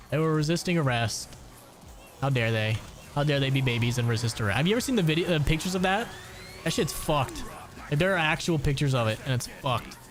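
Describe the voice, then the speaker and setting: A man in his twenties, a gaming streamer, chatting casually during gameplay, rambling and swearing a lot with frequent laughs. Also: fairly high pitch. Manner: rambling, profane, laughs often. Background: background music.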